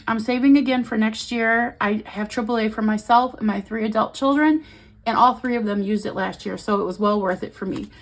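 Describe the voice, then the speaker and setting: Woman, forties, chatty, somewhat high voice, counting cash aloud, casual budgeting vlog. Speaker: budgeting vlogger. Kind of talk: casual chat.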